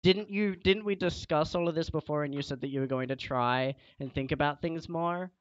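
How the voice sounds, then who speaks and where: A man's voice: fairly high pitch, moderate pace, dry recording, muffled recording. Young man streamer lecturing a teammate. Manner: scolding, lecturing a teammate, voice rising. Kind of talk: casual game stream chat.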